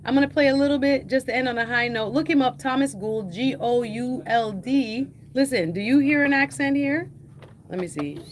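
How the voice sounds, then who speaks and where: A woman's voice: high voice, fairly quick, hardly any pauses. A woman hosting a livestream, chatting through the news in a casual, hesitant way with many fillers. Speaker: host.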